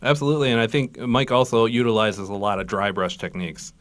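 A man's voice: on the low side, little pitch movement, quick pace. A man, a guest cartoonist, explaining his craft earnestly in a casual chat.

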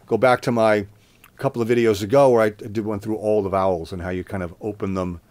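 A man teaching singing, explaining warm-ups in a plain, conversational way and breaking into sung scale demonstrations. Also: on the low side, fairly even intonation, brisk, no echo. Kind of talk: vocal lesson with sung demonstrations.

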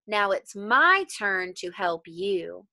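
Talking water from a folktale, gentle and grateful, a woman reading it, slow, bright. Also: medium pitch, big pitch swings, dry recording, full character voice. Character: grateful helpful river water.

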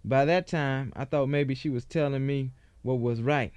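A man's voice: medium pitch, steady tone, moderate pace, a little mellow, smooth, dry recording. A man giving a dramatic first-person reading of a former slave's account, telling it in folksy rural dialect.

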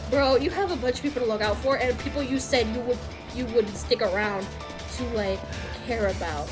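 A young woman streamer giving casual, expressive gameplay commentary, swearing and ranting at the story. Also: on the high side, brisk. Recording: game music behind. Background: game music.

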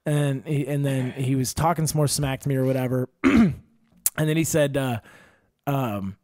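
A man's voice: mid-range voice, normal speed, no room sound. A young man hosting a casual podcast, a stand-up comic from Wisconsin who tells rambling, profane stories with lots of energy. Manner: profane storyteller, animated and rambling. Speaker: podcast host and stand-up comedian. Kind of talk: casual chat.

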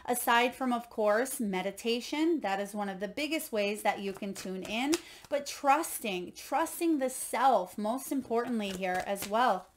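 Gentle spiritual coach woman, slightly high. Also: lively intonation, measured pace, slight background noise. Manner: gentle, encouraging, tells parables. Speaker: intuitive coach reading oracle cards. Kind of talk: spiritual card reading.

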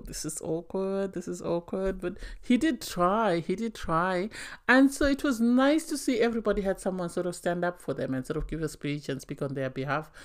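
A woman's voice: sits low, a little mellow. A woman giving a casual, chatty review of a reality TV episode, opinionated and fond of repeating phrases for emphasis.

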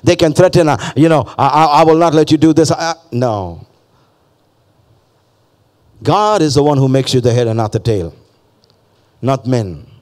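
A man's voice: mid-range voice, animated, normal speed, pauses often, a little mellow. A male pastor preaching a fervent sermon, repeating phrases and calling on the congregation to respond.

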